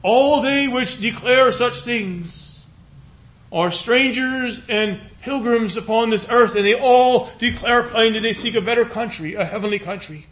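His pitch extremely high, a man gives a sermon in a pleading, earnest cadence. Phrases get repeated, and on scripture he slows down into a hush.

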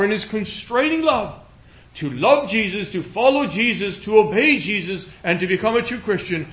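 A man preaching a sermon in an earnest, pleading cadence, repeating phrases and slowing into a hushed voice on scripture. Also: sits high, animated.

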